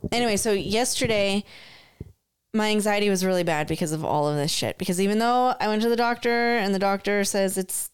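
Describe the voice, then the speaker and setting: A woman in her thirties co-hosting a podcast, chatting candidly and swearing freely as she tells animated stories. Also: mid-range voice, brisk, clear, resonant tone, no room sound. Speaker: podcast co-host. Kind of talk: casual chat.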